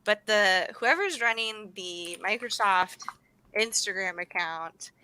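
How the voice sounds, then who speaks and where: Bright, bubbly young woman co-host. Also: medium pitch, lively intonation, takes it slowly, slight background noise, poor audio. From United States. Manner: bubbly, laughs often, exclaims "oh my gosh". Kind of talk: casual livestream chat.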